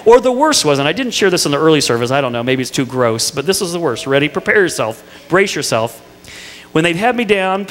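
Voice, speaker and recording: Animated male pastor in echoey hall. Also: sits high, brisk. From Indiana. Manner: animated storytelling with playful asides to the congregation. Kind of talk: sermon. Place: church sanctuary.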